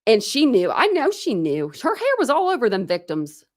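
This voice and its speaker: A woman's voice: a little high, moderate pace, no echo. Woman hosting a true crime live, chatty and reacting to chat, dry close mic. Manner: chatty, animated, reacting to viewer comments. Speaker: true crime channel host. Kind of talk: casual live-stream chat.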